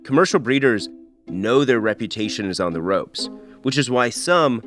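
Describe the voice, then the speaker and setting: A man hosting a podcast, reading scripted investigative narration in a measured, earnest way. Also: medium pitch, animated, a bit bright, faint music behind. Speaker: podcast host and reporter.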